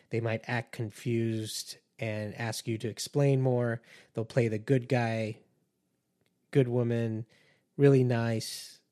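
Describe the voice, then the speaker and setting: A man's voice: mid-range voice, a little mellow. A man hosting a podcast, talking to listeners in an earnest, conversational way and warning them. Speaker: podcast host and empath coach. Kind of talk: casual podcast monologue.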